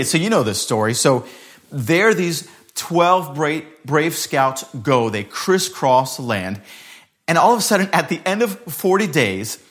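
A man preaching a sermon as a pastor, telling scripture as a dramatic story and changing his pace and loudness often. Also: mid-range voice.

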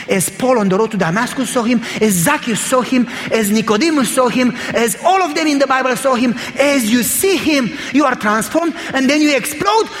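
A male pastor tells a story from the pulpit and builds to emphatic, repetitive peaks. His voice sits high for a man. The church hall gives a long reverb, with faint noise underneath. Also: a bit bright. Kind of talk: storytelling sermon with closing prayer.

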